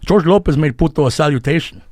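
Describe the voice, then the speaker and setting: This man's voice sits on the high side, with crowd noise in the recording. He's a comedian appearing as a podcast guest in a small foam-lined room, chatting casually, cursing a lot, telling stories and quick to laugh.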